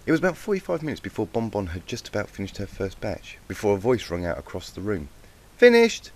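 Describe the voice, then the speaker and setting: A man narrating a fan-written storybook in a steady, even reading voice. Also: fairly low pitch, fast talker. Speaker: fanfic reader.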